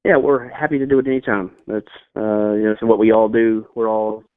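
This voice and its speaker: A low-voiced man talks in a relaxed, friendly way over a thin, tinny phone line. He fills his sentences with small pauses and fillers. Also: smooth, no echo. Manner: easygoing, friendly, lots of fillers. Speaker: phone-in guest from a nitrous parts company. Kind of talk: casual phone interview.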